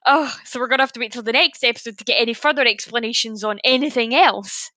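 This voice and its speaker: A Scottish woman in easy podcast chat, her voice bright and a little high. She swears freely and laughs a lot, and her voice is recorded dry and close. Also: fast talker, dry recording. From Scotland. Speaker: podcast co-host. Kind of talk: casual chat.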